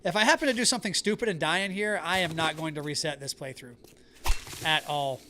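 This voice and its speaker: His voice is on the high side, pushed and bright, fairly quick, with a little hiss or hum in the recording. A Southern-born streamer, he chats with viewers while playing a survival game live, sounding neutral American until anger brings the Southern accent out.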